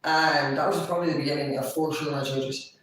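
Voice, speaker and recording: A man's voice: a little high, fairly even intonation, fairly quick, fairly bright tone, distant mic. A man telling a rambling, profane story about an ex, acting out the other voices. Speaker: vlogger. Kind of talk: casual storytelling. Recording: very echoey room, away from mic.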